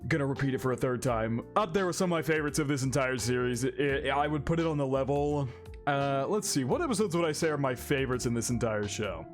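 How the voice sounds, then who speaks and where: A man's voice: mid-range voice, animated, fast, faint music behind. A man hosting an anime reaction video, talking effusively and emotionally, swearing freely. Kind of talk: casual reaction commentary.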